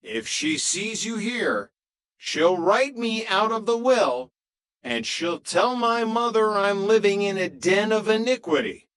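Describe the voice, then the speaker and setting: A frantic young woman roommate in a panic, as a male narrator reads her lines. The voice stays high and unhurried in a close, dry storybook recording. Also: very animated, a bit bright, no echo, full character voice.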